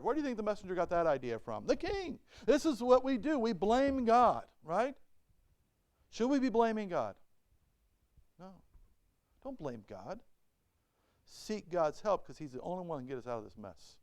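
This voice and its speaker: A man's voice: sits high, big pitch swings, moderate pace, a little mellow, dry recording. A male pastor preaching a sermon in church. He reads Bible verses and asks the congregation rhetorical questions. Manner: reads Bible verses aloud and explains them.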